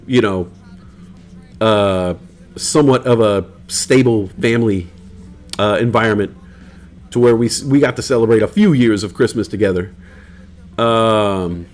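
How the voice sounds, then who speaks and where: Man, live stream host, casual rambling chat, cusses a lot. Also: medium pitch. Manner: rambling, loose, swears freely.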